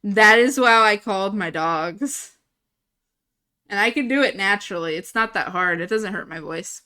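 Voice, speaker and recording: A woman's voice: medium pitch, normal speed, sharp tone. A young adult woman livestreamer in casual, giggly chat at a desktop mic. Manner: chatty, giggly, self-amused.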